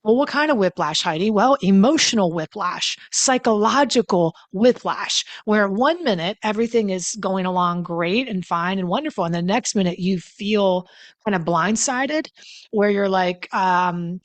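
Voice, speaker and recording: A woman talks relationship advice straight to her viewers in a blunt, emphatic manner. She curses freely and leans on repetition to drive points home. Her voice sits at a middling pitch, recorded close and dry with no room sound. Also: expressive, moderate pace, no room sound. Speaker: relationship coach. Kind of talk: casual advice talk to camera.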